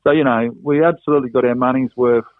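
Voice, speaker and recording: A man's voice: medium pitch, steady tone, quick pace, no echo. A man chatting casually as a podcast guest, rambling and circling back on himself. His voice comes through a thin, phone-like line with a dry, close sound. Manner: rambling, full of "you know" and "and that", restarts. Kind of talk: casual chat.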